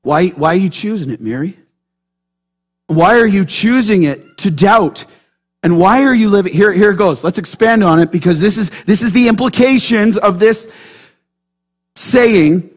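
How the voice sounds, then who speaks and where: High-voiced animated male pastor. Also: normal speed. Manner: animated, keeps checking in with the congregation through questions. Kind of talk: sermon.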